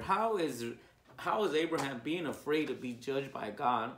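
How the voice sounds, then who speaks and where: Man, preacher, informal sermon, earnest, repeats himself, mid-pitched, echoey room. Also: animated, moderate pace. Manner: earnest, repeats himself, rises loud on key words.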